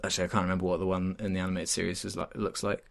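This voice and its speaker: A man's voice: sits low, monotone, rapid-fire, vocal fry. A man chatting casually in a game review, hesitant with many fillers and restarts.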